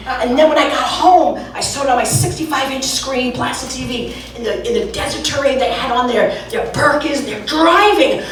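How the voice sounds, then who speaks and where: A brash woman from Brooklyn doing bawdy, animated stand-up comedy on a club stage. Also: sits high, a little fast, recorded from a distance, a little hiss or hum. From Brooklyn, USA. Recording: echoey club from afar, audience.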